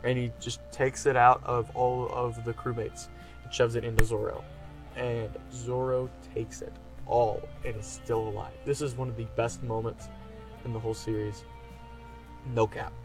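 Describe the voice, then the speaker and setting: A man's voice: mid-range voice, a little mellow. A man giving a casual, enthusiastic review, rambling with lots of fillers. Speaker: anime reviewer.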